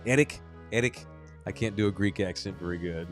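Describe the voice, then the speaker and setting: A man's voice: low-pitched, a little fast, soft background music. Self-deprecating man in casual chat. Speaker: sports podcast host.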